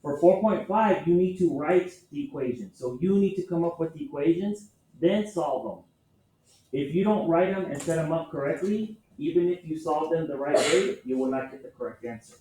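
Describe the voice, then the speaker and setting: A man teaches a math lesson in a classroom, patiently breaking each step down and putting questions to his students. His voice is mellow and sits slightly high. The room is echoey, with a faint hiss of noise behind him. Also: expressive, moderate pace.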